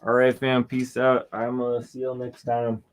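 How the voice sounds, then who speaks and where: A talkative man guesting on a casual livestream chat, voice sitting at an ordinary middle pitch. He talks in loose, opinionated bursts and stumbles into restarts as he goes. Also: completely flat delivery, measured pace. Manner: chatty and opinionated, restarts sentences.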